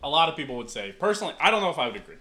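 A man hosting a casual podcast, joking with friends and giving loud shout-outs as he wraps up. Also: fairly high pitch, big pitch swings, very fast. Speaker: podcast host.

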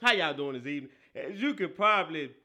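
A hoarse man hosting a casual football talk show, loud and excitable, talking in slang. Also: on the high side, quick pace. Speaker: sports talk show host.

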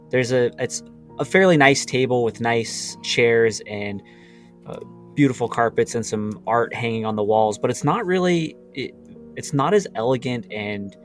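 A man running a tabletop game as game master, narrating in a relaxed manner and laughing often. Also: mid-range voice.

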